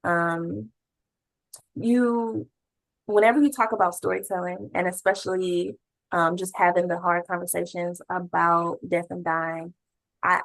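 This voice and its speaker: A woman hosting an interview, asking thoughtful questions in a relaxed, conversational way with frequent fillers. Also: on the low side, gravelly, dry recording, low-quality recording. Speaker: podcast host.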